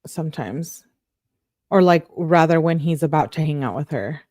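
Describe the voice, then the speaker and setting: Woman w/ a lowish voice reading old texts out loud, fed-up little asides, dry close sound. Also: moderate pace, no echo. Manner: exasperated asides between read-out messages. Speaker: true-crime commentator. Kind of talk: reading text messages aloud with commentary.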